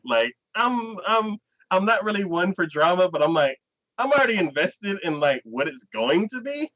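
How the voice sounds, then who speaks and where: A man retelling anime scenes on a casual podcast, his pitch leaping around as he acts out each character. His voice is bright and forward, and the recording is dull and lo-fi. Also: normal speed. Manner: animated storyteller acting out scenes, frequent "like". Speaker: podcast co-host. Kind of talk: casual anime review chat.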